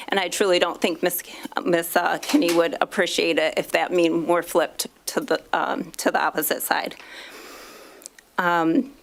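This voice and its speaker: Firm, indignant woman at public comment. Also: fairly low pitch. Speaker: community member at public comment. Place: school board meeting room.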